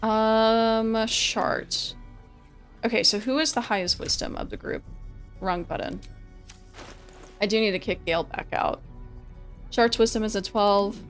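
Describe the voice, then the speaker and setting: A woman streamer chatting casually over gameplay, laughing often and repeating herself when excited. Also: a little high, measured pace, long pauses, faint music behind.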